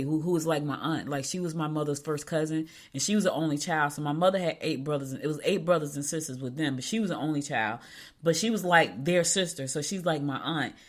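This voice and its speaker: Chatty woman, low voice. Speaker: local radio show host. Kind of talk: casual chat.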